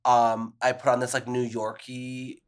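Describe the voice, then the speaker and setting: A man speaking as a podcast guest in loose, casual chat. His delivery is animated and quick, stumbling through restarts and fillers as he talks. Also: mid-range voice, clean tone. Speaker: podcast guest, drag performer.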